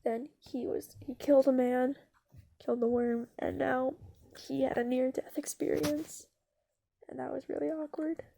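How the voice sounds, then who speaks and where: A woman's voice: high voice, little pitch movement, a little slow, gravelly, mellow, slight background noise. A woman telling an improvised story in a casual, rambling way, full of fillers and swearing.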